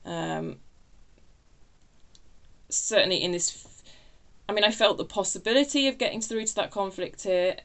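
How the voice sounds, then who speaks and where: A woman's voice: medium pitch, lively intonation, moderate pace, gravelly, pauses often, a bit bright. A woman giving a casual tarot reading, chatty and self-interrupting, laughing at her own remarks. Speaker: tarot reader.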